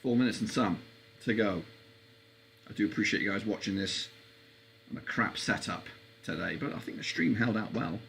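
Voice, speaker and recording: A man talks through a football match live for his stream viewers, a gravelly, creaky edge to his voice. His pitch shoots up when a chance is on, then drops back into easy chat. A faint hiss sits under the recording. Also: normal speed, pauses often. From England. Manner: excitable, voice leaps up high on chances. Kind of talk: live football watchalong commentary.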